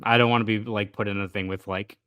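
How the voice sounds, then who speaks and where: A man's voice: lowish voice, steady tone, fast talker, pushed and bright, clean tone, dry recording. A young man with a Boston accent co-hosting a sports podcast, thoughtful and rambling, often correcting himself mid-sentence. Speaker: sports reporter, podcast co-host. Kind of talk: casual sports podcast chat.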